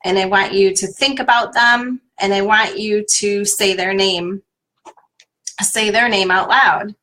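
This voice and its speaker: A woman's voice: medium pitch, steady tone, a little slow, bright, forceful tone, poor audio. A woman coach guiding listeners through a tapping exercise on a live stream, repeating a name again and again for them to follow.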